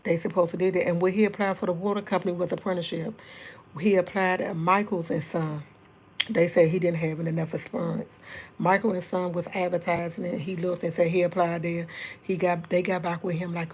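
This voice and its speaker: Chatty middle-aged woman, low voice. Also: slightly rough. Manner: chatty, rambling, laughs often; speaking softly at times to keep quiet. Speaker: livestream host. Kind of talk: casual livestream chat with viewers.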